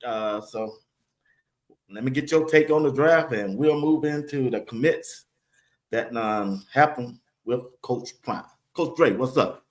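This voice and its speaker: A man hosting a live sports talk stream, firing off casual shout-outs to the chat and laughing often. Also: medium pitch, a little slow. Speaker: live show host.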